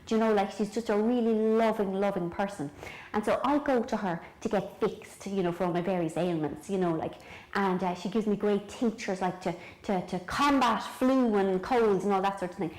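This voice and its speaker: A woman's voice: medium pitch, normal speed, darkish tone, rough recording. A middle-aged Irish woman chatting to the camera as she moves around her home indoors. She rambles in a jokey, self-mocking way. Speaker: author showing her home. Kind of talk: casual chatty video diary. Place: own home, indoors, moving between rooms.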